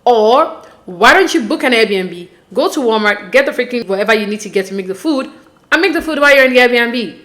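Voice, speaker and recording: A woman from Nigeria hosting a reality TV recap, talking in a casual, animated, opinionated way with frequent exasperation. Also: a little high, brisk. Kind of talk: casual commentary.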